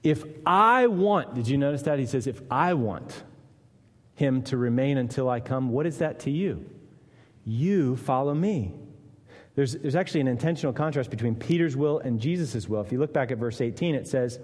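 A man preaching a sermon, earnest, dropping low and quiet for weight and rising to voice the people in his text. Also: moderate pace. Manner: earnest, dips low and quiet for weight, lifts up to voice Jesus and Peter. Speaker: pastor. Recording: long reverb of a church hall.

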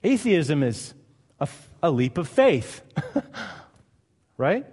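Guy preaching a sermon, kinda high voice, punchy rhetorical questions, big echoey church. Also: big pitch swings, drawn-out words, darkish tone, breathy edge. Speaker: pastor. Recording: long hall reverb.

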